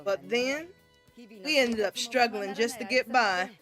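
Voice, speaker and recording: A woman's voice: a little high, unhurried, a bit bright, faint music behind. Field: a woman putting on a chatty motherly cafeteria lady. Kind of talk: visual novel read aloud with voices.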